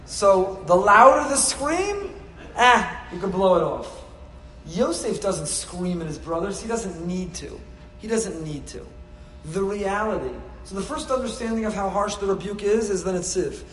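Male rabbi giving a sermon, voice sitting a touch high, repeats lines, asks questions, swings in volume. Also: moderate pace, reverberant, poor audio. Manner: rhetorical questions, repetition, dramatic swings in volume; storytelling, acts out quoted voices.

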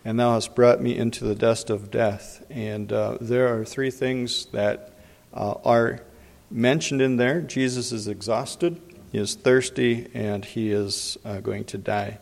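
Gravelly-voiced man teaching scripture. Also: mid-range voice, steady tone. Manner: unhurried, frequent pauses and fillers. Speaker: preacher. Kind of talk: Bible teaching. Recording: long hall reverb.

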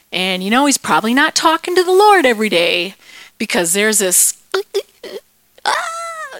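A woman teaches children a Bible lesson in a playful, animated way and asks the kids questions. Her voice is fairly high. The recording is close and dry. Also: unhurried, no room sound.

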